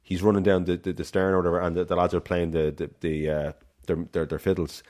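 A man's voice: sits low, little pitch movement, darkish tone. Laughing Irish man on a podcast. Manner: laughs often, quick back-channel agreement. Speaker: podcast co-host. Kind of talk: casual film chat.

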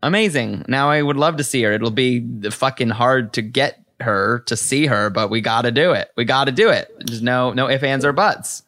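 A man's voice: mid-range voice, moderate pace, hardly any pauses, fairly bright tone. A man hosting a podcast in casual chat, swearing freely and laughing often. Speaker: podcast host.

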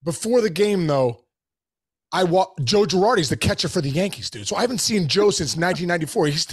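A man hosting a podcast, telling a story casually in animated bursts, full of restarts and "bro" and "dude". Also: high-pitched, a little fast, breathy edge.

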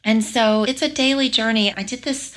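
A woman's voice: fairly high pitch, moderate pace, a bit bright. A woman, a guest on a podcast, telling her own career story candidly in a conversational interview. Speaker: podcast guest, former lawyer.

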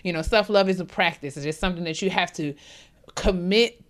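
A young woman co-hosting a podcast in a relaxed, candid way, rambling a little and falling into casual slang. Her voice sits somewhat low for a woman. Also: brisk. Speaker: podcast co-host.

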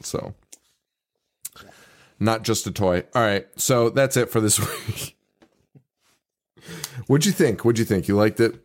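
A male podcast co-host retells a movie in loose, casual chat. He laughs through his sentences, swears freely, and slips into quick impressions of the characters. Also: on the low side. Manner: laughs often, swears, acts out quotes.

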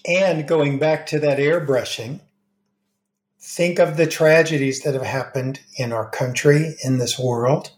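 Male author guest, slightly high voice, animated anecdotes, recorded in an echoey room. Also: a little slow. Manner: animated anecdotes, acts out quoted dialogue. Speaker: grief expert and author. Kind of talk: interview conversation, storytelling.

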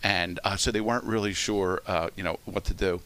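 Low, bright-voiced man, chatty storyteller. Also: steady tone, a little fast. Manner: laughing, filler-heavy, often asks "you know what I mean". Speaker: former ballpark entertainer. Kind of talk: casual storytelling.

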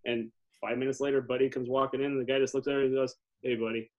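A man guesting on a podcast, chatting casually and getting excitable and giggly as he tells a story. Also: mid-range voice, very fast, dull audio. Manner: excitable, laughs while telling stories. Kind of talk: casual chat.

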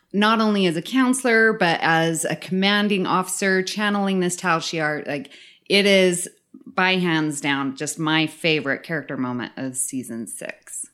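A woman's voice: mid-range voice, a bit bright. A woman co-hosting a podcast in casual chat, talking with enthusiasm and frequent laughter. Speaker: podcast co-host.

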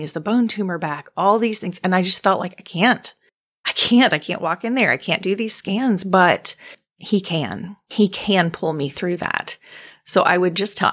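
A woman hosting a faith-based podcast, speaking gently and encouragingly to the listener, her mouth dry, pausing now and then to clear her throat. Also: fairly low pitch. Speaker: podcast host.

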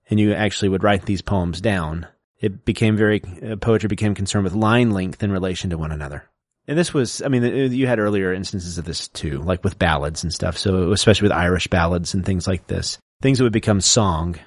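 Low-voiced man explaining poetry. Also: no echo, clean studio sound. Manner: lecturing, recites verse slowly to show stress. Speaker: podcast co-host explaining poetry. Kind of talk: casual explanatory chat.

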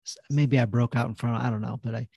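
A man's voice: medium pitch, steady tone, fast, vocal fry, darkish tone, husky, no room sound. Guy hosting a podcast, chatty and agreeable, dry close sound. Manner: affirming, conversational. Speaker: podcast host. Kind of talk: casual podcast chat.

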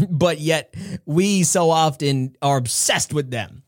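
High-voiced, earnest motivational speaker man. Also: measured pace, dry recording, studio quality. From New York. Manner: earnest, preachy, laughing often, animated. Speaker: podcast host, motivational speaker. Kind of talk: motivational talk.

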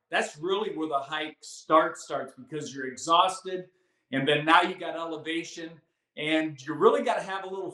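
Chatty man in an echoey room. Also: on the high side. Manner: animated, chatty storyteller acting out quotes. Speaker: canyon hiking guide, record witness. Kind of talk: casual interview storytelling.

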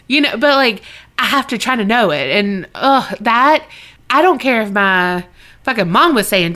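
A Southern American woman co-hosts a podcast, chatting loosely with plenty of swearing and laughter before reading a listener's story aloud. Her voice sits a little high and sounds bright and forceful, with pitch that swings widely. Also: moderate pace. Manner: animated, swearing, laughing often. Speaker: podcast co-host. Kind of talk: casual chat and reading listener stories.

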